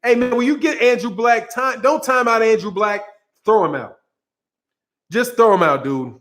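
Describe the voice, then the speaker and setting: High-pitched male boxing host, casual sarcastic rant, rambling and repetitive, laughs a lot. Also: moderate pace, a bit bright. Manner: rambling, repeats words, laughs often; sarcastic, mocking.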